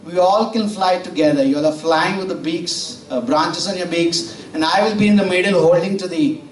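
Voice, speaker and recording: A man's voice: high voice, moderate pace, close to an everyday voice. A man voicing a clever, boastful male frog while telling a fable in a sermon. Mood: eager. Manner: pleading, then eager and proud. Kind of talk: acted storytelling in a sermon. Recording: roomy church audio from far off.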